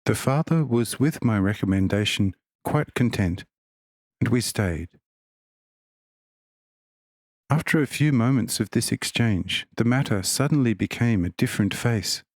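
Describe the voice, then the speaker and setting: A man of middle pitch reading a religious text as an audiobook, steady and measured from line to line. The sound is dry and close, with no room echo at all. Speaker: audiobook reader.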